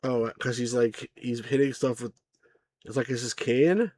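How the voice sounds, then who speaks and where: A man's voice: medium pitch, unhurried, a little mellow, no room sound. A man hosting a casual game review, rambling with asides to viewers and chuckling at the jokes. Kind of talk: casual gameplay commentary.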